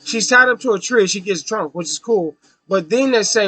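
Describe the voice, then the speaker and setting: A man's voice: sits high, normal speed, sharp tone. A man giving a casual, unscripted book review, ranting and swearing, with lots of fillers. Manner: ranting, profane, with frequent fillers.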